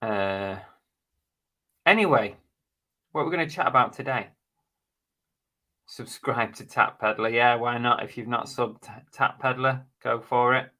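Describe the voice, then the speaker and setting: Man, live stream host, casual, blunt, jokey, bright voice, mid pitch. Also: unhurried, pauses often. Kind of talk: casual live stream chat reading viewer comments.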